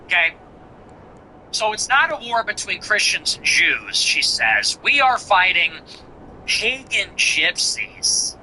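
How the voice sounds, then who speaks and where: A man hosting a show, commenting on a played clip in an animated, mocking way and slowly repeating phrases. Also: high voice, slight background noise, low-quality recording. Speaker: show host.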